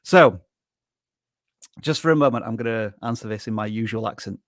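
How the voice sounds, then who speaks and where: A man's voice: on the low side, moderate pace, no room sound, studio quality. Frank Yorkshire-accented man co-hosting. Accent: Yorkshire English. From Yorkshire, England. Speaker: co-host. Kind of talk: live Q&A chat.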